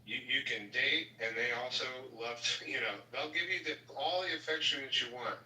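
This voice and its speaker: A man's voice: mid-range voice, moderate pace, pushed and bright. A man hosting a casual live audio chat, lecturing emphatically. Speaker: host. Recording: echoey, distant, faint noise.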